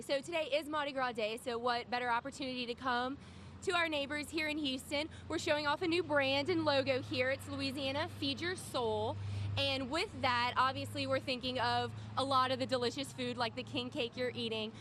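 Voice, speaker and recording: Upbeat high-voiced tourism spokeswoman outdoors. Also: fairly even intonation, moderate pace, sharp tone, a little hiss or hum. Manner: upbeat, polished and promotional. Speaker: tourism representative. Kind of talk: promotional interview. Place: downtown street outdoors.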